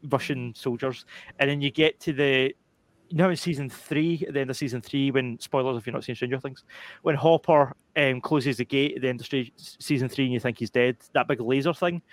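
A young man on a gaming podcast, telling a long story in a rambling, animated way with lots of fillers and restarts. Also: medium pitch, no room sound. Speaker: podcast panelist. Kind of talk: casual chat.

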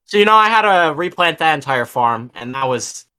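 Young guy on a podcast, bright voice, swears a lot, just rambling. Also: fairly high pitch, animated, normal speed, no echo. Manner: rambling storyteller, swears freely. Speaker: podcast co-host. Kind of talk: casual chat.

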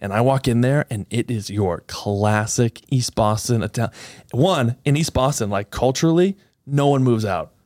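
A man hosting a podcast, telling stories in a casual, animated way with frequent laughter. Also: mid-range voice, normal speed, dry recording. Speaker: podcast host. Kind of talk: casual storytelling chat.

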